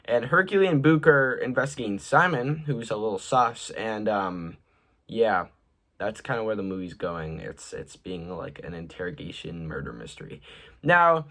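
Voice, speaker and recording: A man's voice: lowish voice, big pitch swings, moderate pace, fairly bright tone. A young man giving a casual, rambling movie review, full of fillers, his voice trailing off at the ends of sentences.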